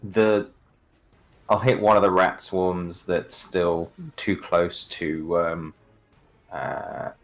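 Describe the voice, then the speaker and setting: Low-voiced guy at a game table, slow, kinda unsure of himself, faint music behind. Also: little pitch movement, gravelly. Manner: hesitant, self-deprecating, searching for words. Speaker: player.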